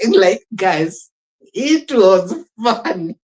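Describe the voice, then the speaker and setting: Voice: medium pitch, animated, moderate pace, darkish tone. Streamer chuckling through commentary. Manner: chuckles often, talks to chat. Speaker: streamer reacting to a clip. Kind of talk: live-stream reaction commentary.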